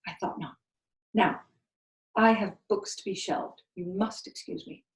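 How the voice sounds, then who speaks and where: A woman's voice: medium pitch, measured pace, roomy sound, lightly acted. A woman reading aloud and voicing a sour, stern librarian who speaks in a cold, clipped, disapproving way.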